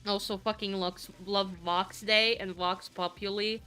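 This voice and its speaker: A woman streamer rambles to her viewers in a bright, crisp and smooth voice, taking her time. She gushes and swears freely, drifting into side remarks. Soft music plays faintly underneath. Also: medium pitch, fairly even intonation, unhurried. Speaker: vtuber streamer. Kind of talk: casual live-stream chat.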